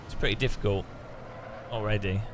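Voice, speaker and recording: A man's voice: fairly low pitch, fairly even intonation, brisk, noisy background. A man giving casual, joking gameplay commentary, chatting and laughing often. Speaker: gaming streamer.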